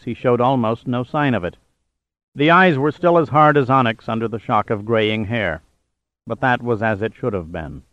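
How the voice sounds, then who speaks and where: A man reading a thriller audiobook in a measured, even narration. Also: medium pitch, no echo, lo-fi sound. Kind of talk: scripted narration.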